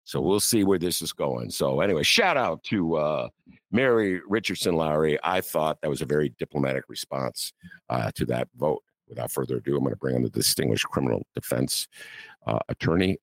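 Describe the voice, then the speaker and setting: A man's voice: very deep voice, animated, fairly quick. A man hosting a talk show, riffing with mock outrage and laughter. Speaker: podcast host. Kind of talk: casual political commentary.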